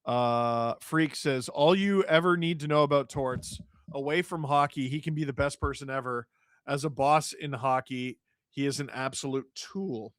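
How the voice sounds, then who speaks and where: A man hosting a live stream, reading viewer chat with jokes and shouting play-by-play when a goal goes in. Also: medium pitch, moderate pace, no room sound, studio quality. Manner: joking, excitable, shouts on goals. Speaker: livestream host reading chat. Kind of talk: casual live watch-along chat and play-by-play.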